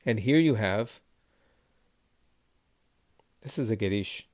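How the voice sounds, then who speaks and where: A man teaching a lesson, patiently encouraging his students as he alternates slow chanted readings with quick explanations. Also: lowish voice, animated, a little mellow, no echo. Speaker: Hebrew cantillation teacher.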